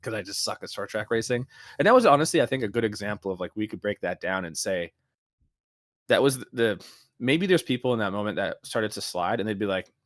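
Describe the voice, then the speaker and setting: Low-voiced man, animated podcast co-host. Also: a little fast, no echo, studio quality. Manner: animated storytelling with many restarts and fillers. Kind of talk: casual chat.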